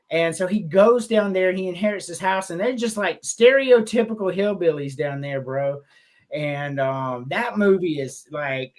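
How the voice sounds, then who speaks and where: A man co-hosting a casual podcast, telling crude, animated stories and laughing often. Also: high voice. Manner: animated, profane storytelling with laughter. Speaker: podcast co-host.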